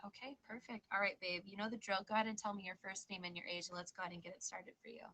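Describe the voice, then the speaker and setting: A woman's voice: mid-range voice, flat delivery, rapid-fire, pushed and bright, rough recording. A woman hosting a live tarot show, chatting casually and reassuring her guests, calling them babe and girl. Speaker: tarot reader and show host. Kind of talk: casual live-stream chat and tarot reading.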